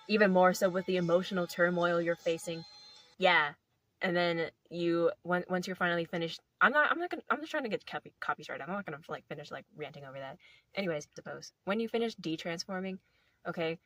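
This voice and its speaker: A woman's voice: fairly low pitch, fairly bright tone, no echo. A young woman casually telling a playful story to camera, rambling with lots of filler words. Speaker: video host.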